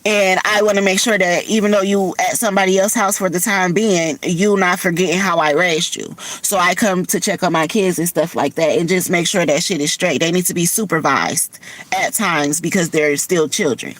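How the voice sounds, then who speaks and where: A woman's voice: lowish voice, steady tone, moderate pace, poor audio. A tearful woman, talking candidly and from the heart on her livestream, swearing casually. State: tearful from crying. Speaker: livestream host. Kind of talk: emotional personal livestream talk.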